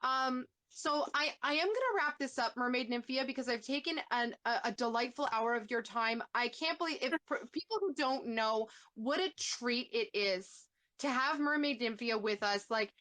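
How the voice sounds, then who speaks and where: A Canadian woman hosts a casual live interview, her voice slightly high. She gushes with feeling, full of ums and restarts, at times near tears. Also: moderate pace, bright, forceful tone. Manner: gushing, emotional, many fillers and restarts. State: tearful. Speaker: host.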